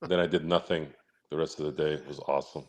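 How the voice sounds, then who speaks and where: A man's voice: very deep voice, steady tone, fast talker. A man trading teasing insults with his co-host on a casual sports podcast. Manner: needling, trash-talking, laughing.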